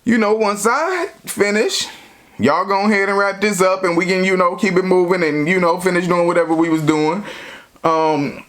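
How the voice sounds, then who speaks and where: A man's voice: high-pitched, normal speed, a bit bright. A man telling a personal story in a casual, rambling way, full of slang and constant "you know" fillers.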